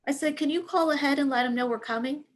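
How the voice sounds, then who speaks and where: Animated woman telling a true story. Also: high voice, fast talker. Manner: animated, acts out quoted dialogue. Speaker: speaker sharing a work experience. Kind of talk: personal storytelling.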